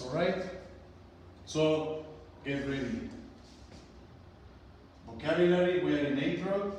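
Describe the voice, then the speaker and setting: A male English teacher, encouraging a class of children and spelling words slowly letter by letter. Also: a little high, a little mellow. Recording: echoey, distant mic with long reverb and faint room noise.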